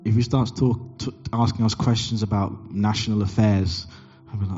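Animated preaching man, muffled church recording. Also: moderate pace, few pauses, faint music behind. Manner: animated, acts out dialogue with big pitch jumps. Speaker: pastor. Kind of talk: sermon with storytelling.

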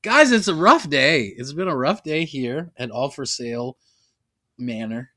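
A man's voice: medium pitch, animated, unhurried, sharp tone, no room sound, studio quality. A man co-hosting a comedy podcast, joking and self-mocking as he rambles through casual chat. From United States. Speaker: podcast co-host.

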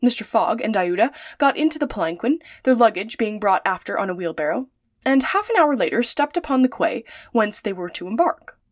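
A woman narrating a classic adventure novel in a calm, measured read-aloud. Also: mid-range voice, no room sound, studio quality. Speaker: storyteller.

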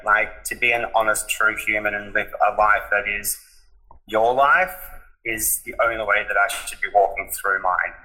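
A man's voice: on the low side, bright, forceful tone, low-quality recording. A man, a podcast guest, candidly retelling a personal story, emotional and open, with many fillers. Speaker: interview guest.

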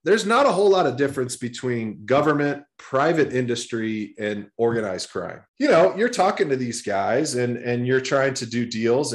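A man in his forties from Texas, a guest telling long stories in a casual interview, with many restarts. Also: mid-range voice. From Texas, USA. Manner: rambling, repeats words and restarts often.

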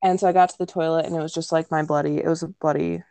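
A young woman with a lowish voice tells a personal story in a relaxed, conversational way. She leans on "like" and "um" and sometimes acts out quoted lines. The sound is close and dry, with no room around it. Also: racing, creaky, dry recording. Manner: chatty, many "like" and "um" fillers, acts out quoted lines. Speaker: podcast co-host telling her birth story.

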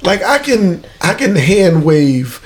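A man's voice: sits high, slow pace, very noisy. A man co-hosting a podcast, talking casually and animatedly about movies. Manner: animated, explains at length, laughs often. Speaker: podcast co-host. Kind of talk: casual chat.

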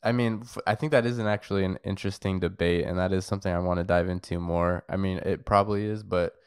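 Low voiced guy in a casual bible chat, lots of ums, smooth clear voice, dry. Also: fairly even intonation, fast, no echo. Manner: thinking aloud, hesitant with fillers. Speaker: Bible study participant. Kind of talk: casual discussion.

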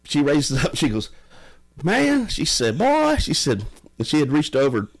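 A man casually telling stories, animated and often laughing. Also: medium pitch, normal speed, slightly rough. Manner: animated, laughing, drawling storyteller. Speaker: podcast guest. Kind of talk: casual storytelling.

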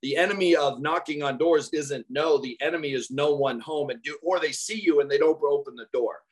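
A man guesting on an interview, a salesman telling animated stories and laughing through them. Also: fairly high pitch, brisk, husky. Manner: animated storyteller who laughs through his anecdotes. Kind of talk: casual interview storytelling.

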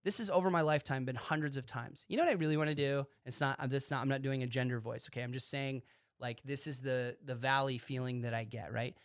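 A man hosting his own podcast, talking excitedly in a casual monologue and acting out quick bits of dialogue. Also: mid-range voice, dry recording, clean studio sound. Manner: excitable, animated, talks with his hands in quoted dialogue. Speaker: podcast host.

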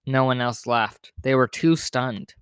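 A man reads a children's story aloud with steady, plain storybook pacing. His mid-pitched voice is recorded close and dry, with no room sound behind it. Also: unhurried, clear, resonant tone, no room sound.

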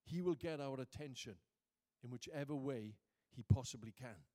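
A man preaching a sermon, moving from quiet reflection to booming emphasis and reading scripture slowly. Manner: reads scripture aloud slowly.

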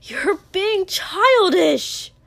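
A woman's voice: very high voice, animated, extremely slow, vocal fry, fairly bright tone, voice pushed up, heavily acted. A woman reading a story aloud, voicing a hurt teenage boy whose raised voice turns vicious and pleading. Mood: reproachful.

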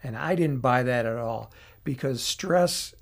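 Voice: medium pitch, measured pace, gravelly. Podcast host explaining things in a loose, chatty way. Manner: explanatory, loose, with restarts and asides. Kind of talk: casual solo podcast analysis.

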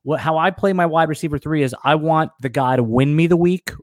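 A man co-hosting a casual fantasy football podcast, talking in an easygoing, halting way. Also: on the high side, darkish tone, no room sound, studio quality. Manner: easygoing, hesitant, many fillers and restarts. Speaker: podcast co-host. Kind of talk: casual sports podcast debate.

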